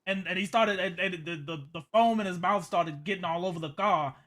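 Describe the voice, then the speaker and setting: A man's voice: sits high, fairly quick, fairly bright tone. A man telling a rambling in-character story in a roleplay, stammering and repeating himself. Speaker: roleplay character giving a statement. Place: game voice chat.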